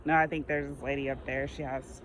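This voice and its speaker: A woman's voice: rumbling low, level tone, brisk, slight background noise, rough recording. A woman vlogger chatting casually while walking outdoors, rambling through her stories and laughing often. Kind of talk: casual chat.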